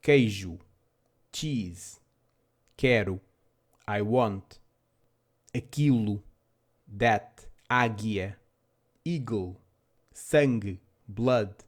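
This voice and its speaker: A man's voice: on the low side, drawn-out words, pauses often. A man narrating a scripted language lesson with dry, self-deprecating humor. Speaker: language teacher.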